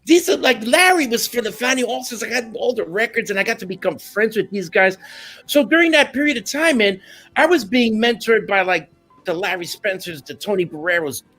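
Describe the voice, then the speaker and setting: Animated high-voiced New man. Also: fairly quick, soft background music. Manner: animated, laughing, slips into Spanish phrases. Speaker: guest musician. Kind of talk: casual storytelling interview.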